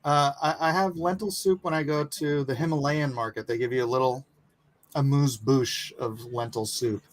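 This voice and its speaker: A man's voice: mid-range voice, fairly even intonation, normal speed. A man hosting a casual art livestream, chatting loosely and laughing easily while he eats. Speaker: livestream host.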